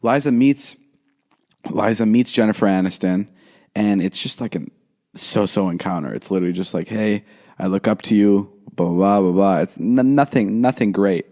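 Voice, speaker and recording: A young man co-hosting a podcast, telling a story in casual chat, acting out quotes in a higher voice with lots of fillers and restarts. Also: moderate pace, warm tone. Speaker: podcast co-host.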